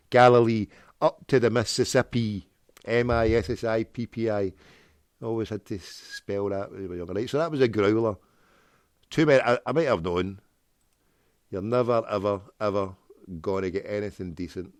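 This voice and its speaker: A man's voice: fairly low pitch, normal speed, clear, resonant tone, dry recording, clean studio sound. A man hosting a prank call show, rambling off on tangents with jokey wordplay. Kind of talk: rambling solo talk with prank calls.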